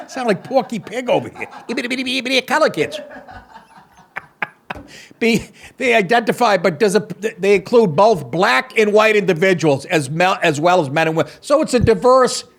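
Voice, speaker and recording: Brief: middle-aged man, podcast host, gravelly voice, lively swings, crude mocking commentary. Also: high voice, a little slow, long pauses. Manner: profane, sarcastic, mocking asides. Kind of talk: comedic news rant.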